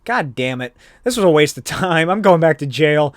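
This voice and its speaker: A man playing a sneering street gang boss who rattles off fast, contemptuous complaints. The voice is slightly raised and very dry. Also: on the high side, lively intonation, no room sound, close to an everyday voice. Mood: scornful. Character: scornful street gang leader.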